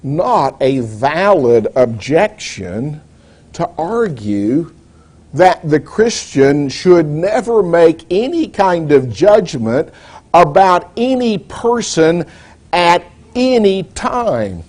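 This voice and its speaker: A man preaching a sermon in a measured, deliberate way, posing rhetorical questions to the congregation. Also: fairly high pitch, big pitch swings, a little mellow.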